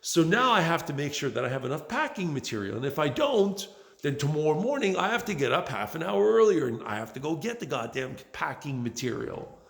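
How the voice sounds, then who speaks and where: A man's voice: on the high side, big pitch swings, brisk, vocal fry, a bit bright. A middle-aged man and small business owner venting in a profane, exasperated monologue, constantly saying "man". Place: large bare workspace under renovation. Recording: echoey hall with long reverb.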